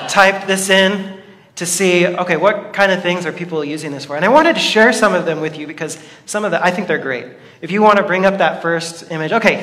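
A man's voice: high voice, bright, forceful tone. A man preaching a sermon to a congregation in a playful, joking manner. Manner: playful, jokey, talks to the congregation. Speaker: pastor. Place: church hall. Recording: reverberant hall.

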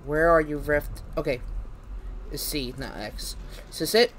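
A man's voice: fairly high pitch, a little slow, fairly bright tone, a little hiss or hum. A man streaming a horror game live, muttering to himself and breaking into panicky, swearing outbursts. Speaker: gaming streamer.

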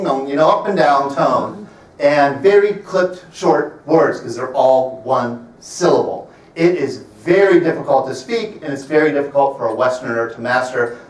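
A man in his fifties giving a public talk in a library, telling wry travel stories and slowing down to stress his points. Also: fairly high pitch. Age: 50s. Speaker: presenter. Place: library event room. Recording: roomy sound from a distant mic.

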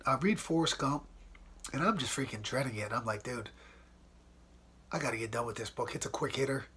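A man's voice: medium pitch, pushed and bright, slight background noise. A man hosting his own podcast from home, talking casually and peppering his talk with "man" and "dude.". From United States. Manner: laid-back, chatty, says "man" and "dude" a lot. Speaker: podcast host. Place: at home in front of a white wall.

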